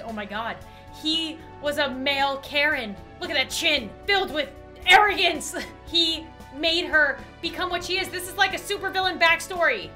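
A woman in her twenties giving animated, dramatic reactions while playing a game. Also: sits high, normal speed, faint music behind. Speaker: gaming YouTuber. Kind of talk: casual gameplay commentary.

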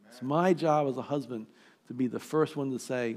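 A man in his sixties, a pastor, preaching an emphatic, exhorting sermon with dramatic pauses. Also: medium pitch, darkish tone. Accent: American. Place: church sanctuary.

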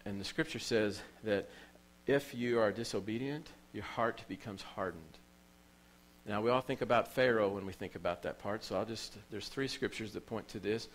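Low-voiced emotional male preacher. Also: normal speed, slight background noise, low-quality recording. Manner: emotional storytelling preacher, repeats phrases for emphasis. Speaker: pastor. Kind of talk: sermon. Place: church.

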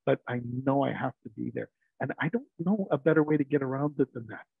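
Heard over a dry, narrowband remote line that sounds like a phone, an IT team leader talks quickly in a gravelly, breathy, medium-pitched voice. As an interview guest, he shares casual workplace stories, performing the dialogue he quotes and frequently chuckling.

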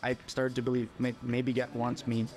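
A young man from the Philippines, a podcast guest telling a personal story in a casual, animated way and acting out the voices of people he quotes. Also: medium pitch, moderate pace.

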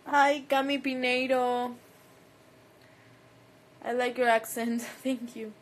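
A young woman livestreams into her phone, chatting casually with fans, reading their comments aloud and laughing often. Her voice is high with fairly even intonation, and she speaks slowly with frequent pauses. She has a Mexican accent, Spanish is her first language, and the audio quality is poor.

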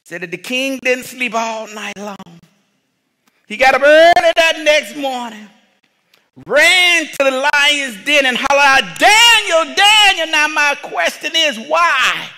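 A male pastor preaching a sermon, rising into shouted, repeated rhetorical questions and calling out to the congregation. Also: very high-pitched, slow pace. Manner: call and response with the congregation. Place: church sanctuary. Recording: long reverb of a church hall.

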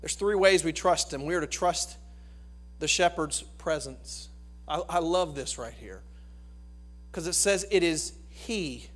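A male pastor preaching a sermon in a church, swinging between loud proclamation and hushed, slow emphasis. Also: sits high. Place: church sanctuary.

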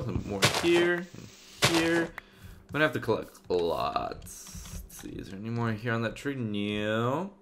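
A man hosting a game video in casual let's-play commentary, thinking aloud with many fillers, going from loud upbeat asides to quiet muttering. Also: fairly high pitch, background noise. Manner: loud upbeat openings, then muttering to himself while searching. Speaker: gaming video host.

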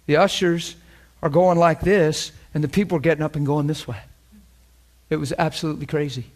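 Guy preaching, storytelling, laughs a lot then goes quiet and reverent, a bit higher voice. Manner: animated, laughs often, drops to a hushed tone for reverent parts. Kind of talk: sermon with storytelling.

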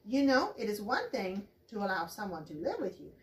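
Woman doing a calm, cautious father rat. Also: medium pitch, fairly quick, echoey room.

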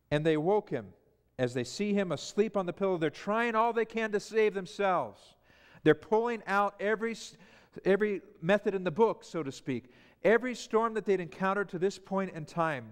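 A man with a slightly high voice preaches in a church, his words trailing off into a long hall reverb. He retells scripture with animated emphasis, acting out the panicked disciples. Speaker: pastor. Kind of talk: sermon. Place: church sanctuary.

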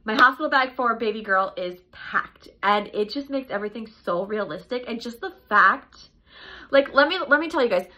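Young woman vlogging, bright tense voice, kinda breathless, rambly, muffled lo-fi sound. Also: a little high, lively intonation, moderate pace. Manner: chatty, rambling, repeats herself. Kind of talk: casual pregnancy update vlog.

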